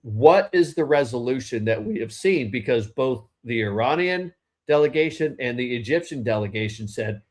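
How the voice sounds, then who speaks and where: Animated and a little mellow, a man with a mid-range voice talks at normal speed as co-host of a casual political podcast. He drifts from point to point with strong opinions and frequent mid-thought restarts.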